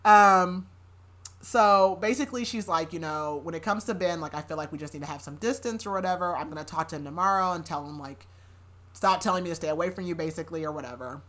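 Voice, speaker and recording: A young adult woman on a podcast, recapping a novel in casual chat, chatty and quick to laugh, leaning on "like" constantly. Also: low voice, a bit bright. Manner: chatty, laughing often, heavy use of "like".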